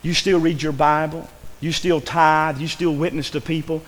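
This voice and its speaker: A man preaches a sermon from a church pulpit, earnest and pleading, pushing his voice higher as the feeling builds. His voice sits a little high for a man and rings out into the long reverb of the sanctuary. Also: little pitch movement, moderate pace. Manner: earnest, pleading, rising with emotion.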